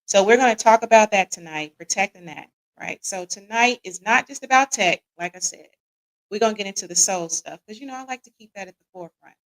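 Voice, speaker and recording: Lively in intonation and fairly quick, a mid-range woman's voice leads a live-streamed relationship talk show. The American host greets viewers by name, keeps tossing in "right?", and favors Southern-leaning slang like "y'all," all on a low-quality recording.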